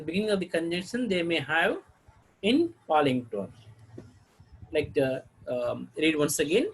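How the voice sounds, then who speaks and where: A man teaching a lesson on English intonation, reading example sentences with exaggerated rises and falls and pausing often to restart. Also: on the high side, a little hiss or hum, rough recording. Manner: hesitant, with fillers and restarts.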